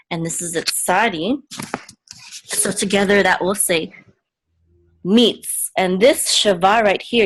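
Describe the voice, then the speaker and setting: A woman with a low voice teaches Biblical Hebrew at a slow, unhurried pace. She patiently repeats each word several times and checks in with her listeners often. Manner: adds frequent "okay?" checks. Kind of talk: slow step-by-step language lesson.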